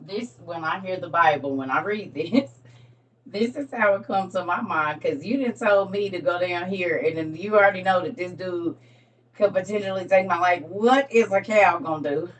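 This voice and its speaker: A woman giving a casual, animated preaching talk on a livestream, laughing often as she dramatizes Bible stories. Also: lowish voice, normal speed, distant mic. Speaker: speaker on a faith livestream.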